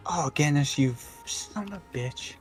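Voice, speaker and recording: A man's voice: a little high, expressive, a little slow, soft background music. A Scottish man streaming a game, chatting casually, joking and swearing freely. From Scotland. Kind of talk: casual gaming chat.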